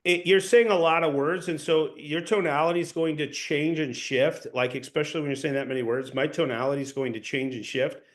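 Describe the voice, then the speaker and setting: A man with a slightly high voice runs a practice session as a sales trainer. He explains in an instructive, hands-on way, often restarting and repeating his phrases as he goes. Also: steady tone, fairly quick, few pauses.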